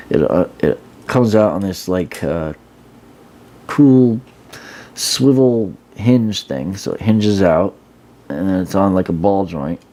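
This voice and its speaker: A man with a low, slightly mellow voice casually shows off and reviews an action figure. His hands-on review rambles, full of fillers and restarts.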